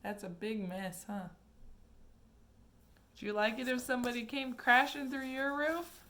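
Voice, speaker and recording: A woman reading a children's chapter book aloud like a teacher, adding gentle, chatty asides for young listeners. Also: on the high side, a little slow. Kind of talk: storybook read-aloud.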